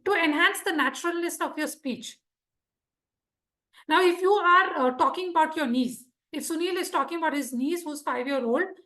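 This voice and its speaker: A woman with a husky voice, giving a lively instructional talk to a speaking club and checking in with her audience often. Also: sits high. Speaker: Toastmasters speaker teaching speech craft.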